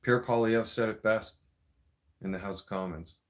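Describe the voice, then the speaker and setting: A man's voice: on the low side, steady tone, moderate pace. A man in a profane, mocking political rant, cursing and repeating himself. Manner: vaping while talking. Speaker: vlogger.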